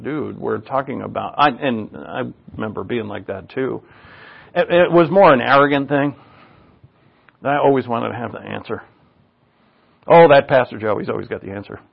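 A man's voice: medium pitch, gravelly, slightly rough. An older man, a pastor, preaching a loose, conversational sermon full of asides and restarts. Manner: casual, rambling, with asides and restarts. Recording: dull lo-fi recording.

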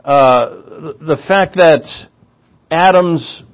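A male pastor preaching a sermon in a relaxed, conversational way, telling stories and joking at his own expense. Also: a little high, drawn-out words, lo-fi sound. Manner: conversational, self-deprecating storyteller. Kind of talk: sermon teaching.

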